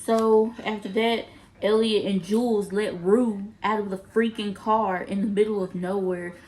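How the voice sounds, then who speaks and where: Young woman, casual TV episode review, slow pace, animated, laughing, acting out characters' lines. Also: mid-range voice, rough recording. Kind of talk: casual recap and commentary.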